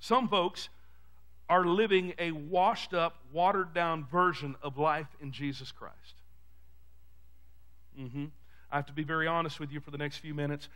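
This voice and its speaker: A man with a Texan accent preaching a sermon as pastor, calling out to the congregation and swinging from shouted peaks to quiet, fast asides. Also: on the high side, steady tone. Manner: preaching with call-and-response, rising to shouts. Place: church sanctuary.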